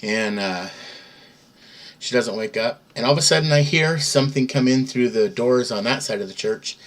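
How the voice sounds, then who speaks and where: A man telling an earnest first-person story, hesitant, with pauses and filler sounds. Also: mid-range voice. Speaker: testimony speaker.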